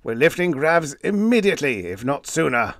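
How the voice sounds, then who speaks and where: A man's voice: on the high side, very animated, moderate pace, a bit bright, dry recording, studio quality, pitched above the performer's own voice. A man voicing a bossy, short-tempered old spaceship captain who growls orders in folksy, ungrammatical speech. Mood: gruff. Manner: growling, snapping, folksy grammar.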